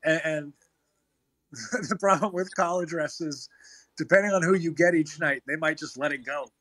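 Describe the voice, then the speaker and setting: A man's voice: fairly high pitch, normal speed, fairly bright tone, dry recording. Amused man telling basketball stories. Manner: amused storytelling, laughing while he talks. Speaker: co-host. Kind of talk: casual basketball chat.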